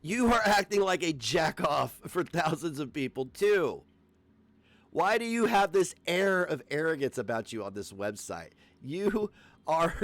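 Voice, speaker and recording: A man's voice: on the high side, no echo. A man ranting on a livestream, profane, combative and sarcastic. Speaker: livestream host.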